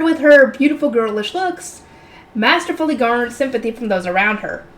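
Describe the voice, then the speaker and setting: A woman's voice: fairly high pitch, lively intonation, normal speed, a bit bright. A woman reading a novel aloud as a channel host, breaking off for chatty, exasperated asides. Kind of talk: reading aloud with casual commentary.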